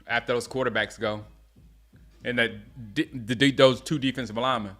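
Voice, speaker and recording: A man from South Carolina hosting a live game watch-along, reacting loudly to plays and chatting with viewers by name. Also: medium pitch, fairly even intonation, normal speed, soft background music. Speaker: host.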